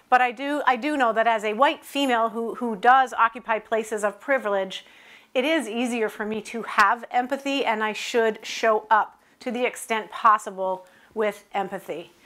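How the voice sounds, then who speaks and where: Bright, lively woman leading a workshop. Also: a little high. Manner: lively, joking, quick asides. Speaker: workshop instructor. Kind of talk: workshop presentation to a live audience. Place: conference room.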